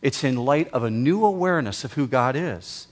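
A man preaching a sermon as pastor, slow and emphatic, with dramatic pauses. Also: medium pitch, expressive.

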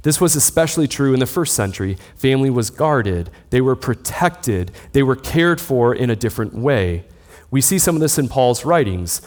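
A man's voice: mid-range voice, animated, moderate pace, darkish tone. A man in his thirties preaching a sermon, teaching steadily and posing rhetorical questions to the listeners. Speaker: pastor. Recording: long hall reverb.

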